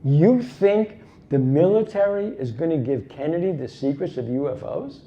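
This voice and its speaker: A man's voice: a little high, lively intonation, normal speed. A man giving a dramatic storytelling talk as a conference speaker, emphatic and full of rhetorical asides. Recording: dull lo-fi recording.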